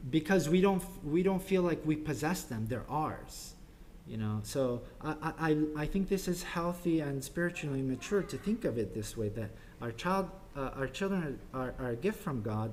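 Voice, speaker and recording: A man gives an informal parenting talk at a church, halting often with ums and restarts and dropping softly into quoted voices. His voice is mid-range, with a little hiss or hum in the recording.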